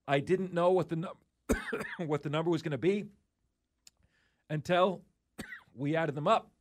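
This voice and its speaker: A man hosting a sports talk show, emphatically rattling off schedules with mock disbelief. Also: a little high.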